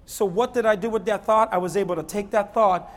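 A man's voice: high voice, fairly quick. Guy preaching hard, repeats himself a lot, big echoey church sound. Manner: impassioned preaching, repeats phrases for emphasis. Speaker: pastor. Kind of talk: sermon. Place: church sanctuary. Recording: long hall reverb.

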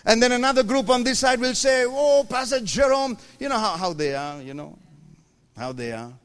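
A pastor preaching a sermon in a church, animated and playful, acting out his congregation's voices and teasing the crowd. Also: high voice, fairly quick, clear, resonant tone, faint music behind.

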